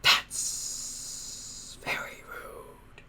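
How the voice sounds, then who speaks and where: A hissing tentacled monster. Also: male voice, bright, forceful tone, full character voice. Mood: hurt. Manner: whispered, hissing, slow and wheedling. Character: hissing dim-witted tentacled underground monster.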